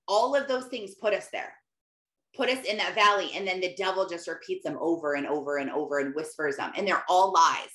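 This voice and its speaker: A woman's voice: lowish voice, brisk, a bit bright. Woman life coach talking live, emphatic and chatty, roomy echo around her. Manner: emphatic, conversational, repeats phrases. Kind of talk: live motivational coaching talk.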